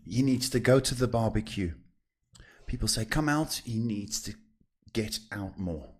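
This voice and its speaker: A man hosting a live psychic reading podcast, talking in a reassuring, chatty way with drawn-out emphasis and many fillers. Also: on the low side, husky. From South Africa. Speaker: psychic host.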